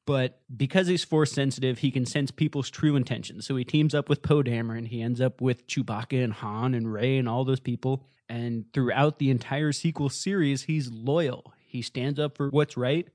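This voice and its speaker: A man's voice: medium pitch, normal speed, few pauses, no room sound. Man, podcast co-host, casual chat, enthusiastic, dry recording. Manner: enthusiastic, animated storytelling.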